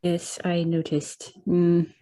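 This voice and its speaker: A woman playing a tabletop game, speaking softly and without hurry. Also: on the low side, monotone, slow pace. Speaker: player.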